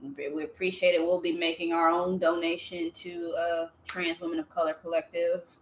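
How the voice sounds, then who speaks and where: A woman's voice: on the low side, level tone, normal speed, slight background noise. A woman hosting a casual beer tasting livestream, laid-back and teasing, reading viewer comments aloud.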